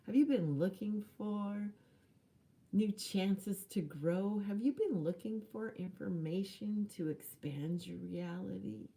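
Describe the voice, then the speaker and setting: A woman's voice: mid-range voice, takes it slowly, creaky, warm tone. A woman giving a chatty, earnest motivational talk to camera, with laughs and dramatic whispered lines. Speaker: spiritual life coach.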